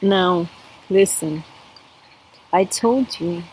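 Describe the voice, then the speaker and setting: A woman's voice: on the low side, extremely slow, a little mellow, slight background noise, poor audio. A woman giving a spiritual cup reading to camera, earnest and emotional, talking straight to her viewers. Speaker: tarot and coffee-cup reader.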